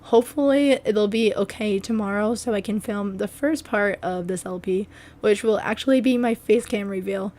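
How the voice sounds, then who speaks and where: A young adult woman with a hoarse voice, chatting through a casual, rambling voice-over about her game build. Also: mid-range voice, moderate pace, a little mellow. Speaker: video game building creator.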